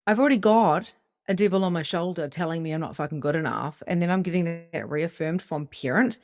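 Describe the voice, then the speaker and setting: Low, gravelly woman coaching a group. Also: brisk, no room sound, studio quality. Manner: animated, swears freely, acts out inner voices. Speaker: psychic medium and spiritual coach. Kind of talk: casual motivational talk to a live group.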